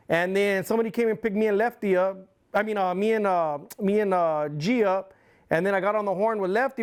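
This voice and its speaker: Blunt, heavily swearing man telling a story. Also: sits high. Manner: blunt, heated, swears constantly. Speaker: interview guest, former club president. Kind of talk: casual profane storytelling.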